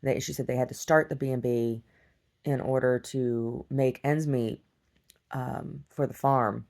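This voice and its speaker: A woman telling meandering stories in a casual video diary, halting and full of restarts. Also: a bass voice, steady tone. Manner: halting, full of restarts and "like", shouts when acting out quotes. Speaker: video diarist. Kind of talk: rambling casual storytelling.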